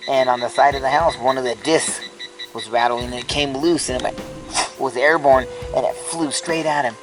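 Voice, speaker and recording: A man's voice: medium pitch, fairly even intonation, moderate pace, music in the background, low-quality recording. A man casually telling a ghost story, rambling with lots of filler words and restarts.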